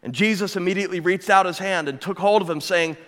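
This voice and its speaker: A man's voice: high voice, fast, a bit bright. A man preaching a sermon as a pastor, emphatic, building his points with repeated phrases and rhetorical questions to the congregation. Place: church sanctuary. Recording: long hall reverb.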